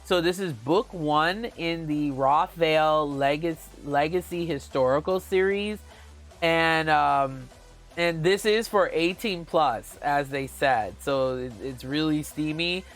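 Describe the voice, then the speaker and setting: A man's voice: fairly high pitch, slow, a bit bright, soft background music. A man chatting casually to viewers on a live stream, gushing and giggly, often calling out to them as guys. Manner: giggly, with playful exclamations. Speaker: book vlogger.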